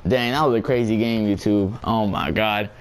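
A man's voice: lowish voice, normal speed, clear, resonant tone. A young man casually commenting on his basketball game for viewers, laughing often and talking in slang. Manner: giggly, excitable, slangy. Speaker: gameplay YouTuber.

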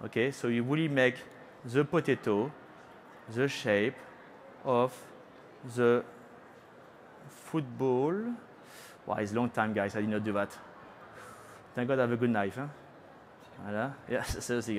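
Playful chef with a French accent. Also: male voice, mid-range voice, unhurried, pauses often, slight background noise. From France. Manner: chatty and playful, teasing the audience, sprinkling in French words. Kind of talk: live cooking demonstration. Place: cooking stage at a trade show.

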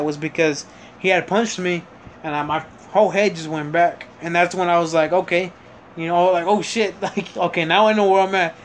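A man's voice: high-pitched, a little hiss or hum. A young man telling a rambling personal story in a casual vlog, full of fillers, self-corrections and the odd swear word. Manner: occasional swearing. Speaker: vlogger.

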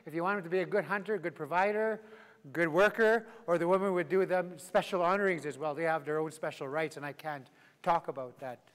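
A man with a fairly high voice leads a live language class, joking around and drilling words for the group to repeat. His voice rings out with a long reverb in a large hall. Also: fairly even intonation, brisk. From Canada. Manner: playful, laughing, drilling phrases for repetition. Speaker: Cree language teacher.

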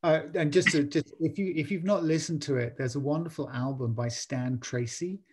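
A man hosting a bookshop author event over a video call, speaking haltingly and restarting his sentences. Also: fairly high pitch, noisy background. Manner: halting, many restarts and fillers.

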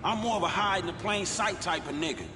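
An actor playing a brash young gangster who trades profane trash talk, over a noisy background. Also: male voice, high-pitched, fast talker, natural voice. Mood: joking. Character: brash young male street gangster, mouthy.

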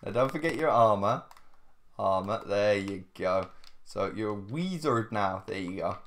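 A man's voice: lowish voice, lively intonation, unhurried, a bit bright. A man giving casual gameplay commentary, chatting to his viewers, tired and yawning. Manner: chatty, keeps addressing viewers, laughs often. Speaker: gaming video host.

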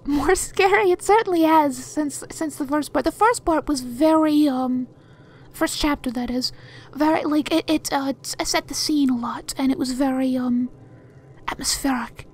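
A woman hosting a let's play, giving casual gameplay commentary with jumpy, excitable reactions, lots of restarts and occasional soft whispers. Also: high-pitched, measured pace.

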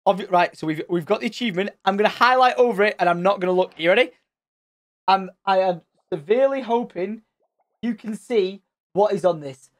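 A man commentating his Minecraft let's play, excitable and loud at surprises. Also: sits high, a little fast, no echo. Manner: excitable, shouts and squeals at surprises. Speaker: gaming channel host.

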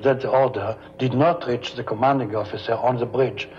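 A man with an Israeli accent recalling naval orders in a plain, halting interview. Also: medium pitch, fairly even intonation, dull audio, background noise. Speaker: former naval operations chief. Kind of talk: interview recollection.

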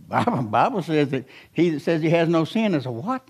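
A man's voice: on the high side, quick pace, few pauses. A man, an assistant pastor preaching a sermon in a church, telling stories and building to emphatic questions. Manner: storytelling, animated, rising to emphatic questions.

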